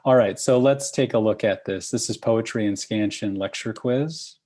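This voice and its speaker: A man's voice: fairly low pitch, moderate pace, mellow. A man leading an online course review session, patient and encouraging, checking in often with "okay?" and "right?" over a computer mic. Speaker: course instructor.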